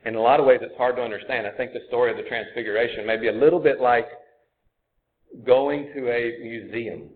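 A man's voice: medium pitch, brisk. A man preaching a sermon, earnest and conversational, often thinking aloud as he goes. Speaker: pastor. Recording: tinny phone-like sound.

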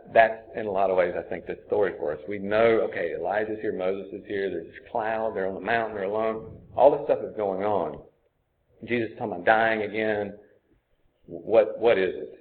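A pastor, a man with a fairly low voice, preaches in an earnest, conversational way, working through his points out loud. The sound is thin and tinny, like it came over a phone line. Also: fairly even intonation, a little fast. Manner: conversational, earnest, thinks aloud. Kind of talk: sermon.

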